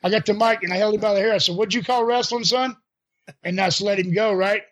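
An older man with a notably high voice spins casual stories from his wrestling days. He jumps into quoted dialogue, chuckles along the way, and keeps the telling animated and unpolished. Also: racing. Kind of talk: casual storytelling.

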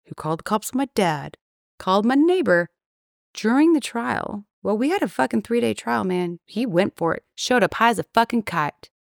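A woman's voice: on the low side, gravelly, dry recording, studio quality. A young woman guest telling a story in casual chat, blunt and indignant, swearing freely and acting out what others said. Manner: acts out quoted voices while retelling. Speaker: podcast guest.

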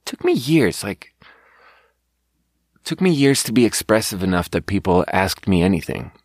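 Speaking at a normal pace in a lowish, very animated voice, a man from Sweden spins a profane, self-mocking, rambling tale for his podcast. He is both a podcast host and a restaurant server. The studio-quality audio has no room sound.

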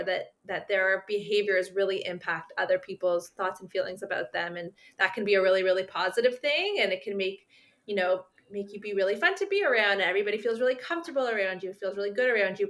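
A woman's voice: medium pitch, a bit bright. A woman speech therapist explaining her approach at length in a podcast conversation, with frequent fillers.

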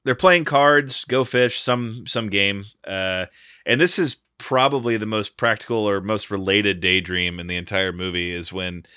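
An Australian man with a lowish, bright and forceful voice, clear and smooth, recapping a film with dry wit in a casual podcast chat. The sound is close and dry. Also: unhurried, no echo. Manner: recaps plot with wry jokes. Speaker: podcast co-host.

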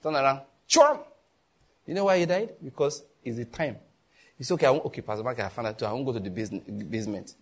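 A man with a Nigerian accent preaching a sermon as pastor, telling lively stories with quick asides and bursts of laughter. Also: mid-range voice, husky.

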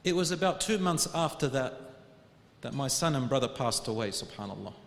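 A male preacher telling a personal story in an earnest sermon, his voice rising to loud urging and dropping to hushed tones, with Arabic religious phrases woven in. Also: medium pitch, lively intonation, brisk, vocal fry. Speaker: Islamic preacher. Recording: echoey hall.

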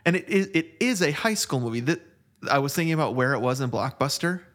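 A middle-aged man with a fairly high voice co-hosts a casual film chat. He talks in a chatty way, laughing often and breaking off to restart his thoughts. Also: expressive, fast talker, fairly bright tone. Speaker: podcast co-host.

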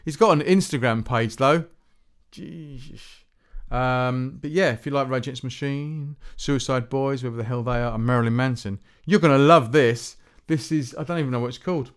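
A man's voice: mid-range voice, smooth. A man hosting a music podcast, rambling casually, often stumbling over his words and swearing offhand. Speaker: podcast host.

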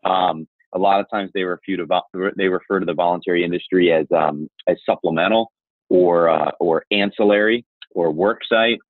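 An insurance marketer appearing as a podcast guest tells a story in an animated, candid way. His low voice comes at a moderate pace through a narrow, tinny, phone-like line. The sound is dry, with no room echo.

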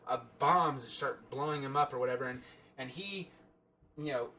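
A man's voice: mid-range voice, moderate pace, sharp tone, a little hiss or hum. A man giving a casual, rambling and sarcastic film review, full of fillers and restarts.

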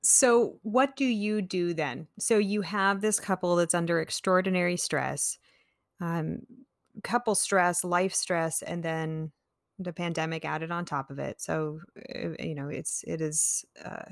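Low voiced lady interviewer, thinks out loud, dry mic. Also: fairly even intonation, measured pace, no room sound. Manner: thoughtful, searching for words. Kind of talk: podcast interview.

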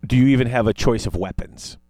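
A man's voice: mid-range voice, quick pace, dry recording. A man hosting a podcast in casual chat, rambling and correcting himself as he goes. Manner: rambling, self-correcting, animated. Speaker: podcast host.

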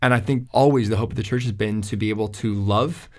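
A man who works as a pastor, talking thoughtfully in a relaxed faith discussion, often restarting his sentences. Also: on the low side, quick pace. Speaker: young adult pastor.

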